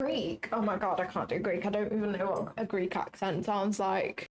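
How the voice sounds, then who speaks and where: A woman's voice: mid-range voice, steady tone, moderate pace, a little hiss or hum. A woman live-streaming her trading, talking casually and exclaiming often, with the odd swear word. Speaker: trading livestreamer. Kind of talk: casual livestream commentary.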